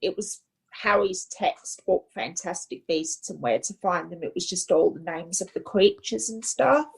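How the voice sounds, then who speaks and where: A woman from Queensland with an Australian accent, a podcast guest who talks earnestly and haltingly, often restarting. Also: fairly low pitch, vocal fry, husky, poor audio. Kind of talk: casual interview chat.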